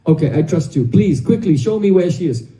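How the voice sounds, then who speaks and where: A preacher doing a lovesick young cowherd god, eager and pleading; high, dark voice, echoey room. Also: male voice, expressive, brisk, far from the mic, close to an everyday voice. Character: young divine cowherd hero, lovesick, playful.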